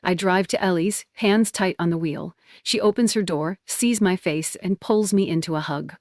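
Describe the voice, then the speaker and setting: A woman narrating a dramatic first-person story in clipped, tense, emotional sentences. Her voice sits fairly low. The recording is dry and close, with no room around it. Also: moderate pace, a little mellow, no echo.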